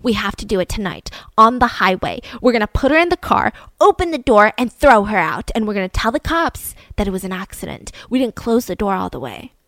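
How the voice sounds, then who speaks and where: A woman's voice: mid-range voice, sing-song, fairly quick, few pauses, fairly bright tone, no echo. A woman voicing a controlling, manipulative father who coaxes and insists. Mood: insistent. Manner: insistent, coaxing, urgent.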